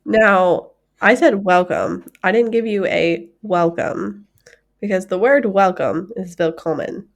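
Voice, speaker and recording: A woman's voice: mid-range voice, takes it slowly, gravelly. A woman in her thirties co-hosting a podcast, talking casually and poking fun at herself. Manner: self-deprecating, chatty. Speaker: podcast co-host. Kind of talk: casual chat.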